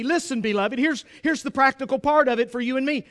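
Guy preaching a sermon, really high voice, pleads and builds to shouting. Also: steady tone, a little fast, few pauses. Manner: emphatic, pleading, rising to shouts.

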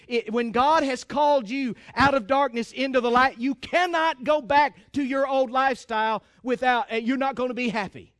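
A man's voice: very high voice, steady tone, normal speed, few pauses, fairly bright tone, dry recording, clean studio sound. A man preaching a sermon with fervent emphasis, calling out to his congregation for amens.

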